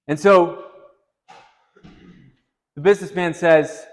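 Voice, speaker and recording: A man leading a group talk at a retreat, telling a story in an animated way and lifting his voice when he quotes someone. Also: brisk, big-room sound. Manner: animated, rising pitch when quoting. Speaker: retreat discussion leader. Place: retreat meeting room.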